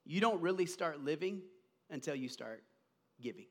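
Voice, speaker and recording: A male pastor preaching a sermon, swinging from hushed, low passages to loud, emphatic calls. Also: animated, moderate pace. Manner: acts out quoted voices while retelling a story.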